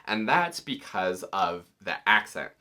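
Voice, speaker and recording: A man teaching music in a relaxed, explanatory tutorial, walking through settings step by step. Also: low voice, unhurried. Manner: relaxed, explanatory, occasionally counting beats aloud.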